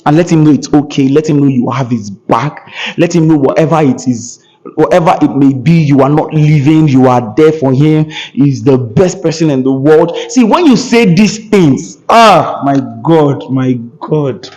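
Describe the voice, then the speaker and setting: A man's voice: a little high, normal speed, a little mellow, highs cut off. A young man talking earnestly and emphatically as a podcast guest, with a preacherly tone. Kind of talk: earnest conversational talk.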